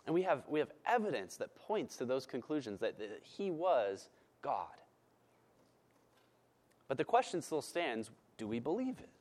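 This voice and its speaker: A man preaching a sermon as pastor, emphatic and repeating words for stress, then praying in a soft, slow voice. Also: mid-range voice, big pitch swings.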